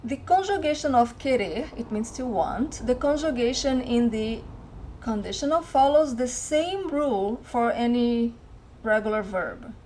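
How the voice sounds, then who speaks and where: A woman teaching an online language lesson, slowing down to model each word. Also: fairly high pitch, expressive, darkish tone, a little hiss or hum. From Brazil. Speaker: Portuguese teacher. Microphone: webcam mic.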